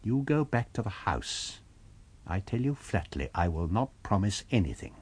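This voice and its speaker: A man's voice: fairly low pitch, very animated, moderate pace, a little mellow, slightly rough. A man reading an unseen invisible man who speaks in cold, firm threats. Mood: grim.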